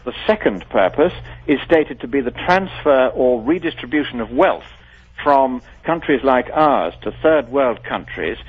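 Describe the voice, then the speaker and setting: A man's voice: medium pitch, animated, measured pace, slightly rough. A man being interviewed on the radio, speaking in an articulate, formal and emphatic way. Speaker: guest. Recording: dull lo-fi radio broadcast.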